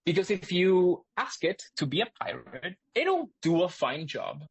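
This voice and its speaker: A man hosting a live online class, explaining excitedly with lots of restarts and asides. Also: high voice, unhurried, vocal fry, slightly rough, no echo. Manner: energetic, rambling, lots of restarts. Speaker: host and instructor. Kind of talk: live webinar teaching.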